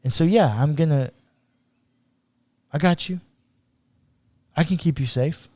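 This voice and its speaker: Higher-voiced man teaching casually. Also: unhurried, a little mellow, dry recording. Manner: casual and earnest, slips into acted quotes of God. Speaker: pastor. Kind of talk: podcast conversation, teaching on scripture.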